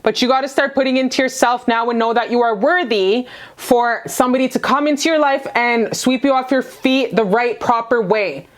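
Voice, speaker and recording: A woman's voice: on the high side, normal speed, hardly any pauses. A woman giving a casual tarot reading to camera, gushing and affectionate, full of profanity and slang. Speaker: tarot reader.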